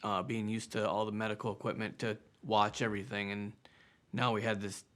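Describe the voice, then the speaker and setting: A man in his thirties, a father adding quiet, brief details to his wife's account in an interview. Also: lowish voice, little pitch movement, fairly quick. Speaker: father telling his family's story. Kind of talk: personal testimony interview.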